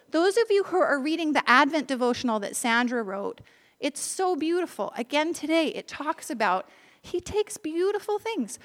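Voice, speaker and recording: A woman preaching tells a personal story in an earnest, conversational way, addressing a congregation of both adults and children. Her voice is high and a bit bright.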